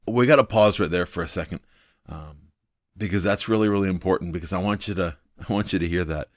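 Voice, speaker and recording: A man's voice: deep voice, fast, no room sound, clean studio sound. A man hosting a devotional video, teaching from the Bible in an earnest, thinking-aloud way, full of ums and repeating his main points.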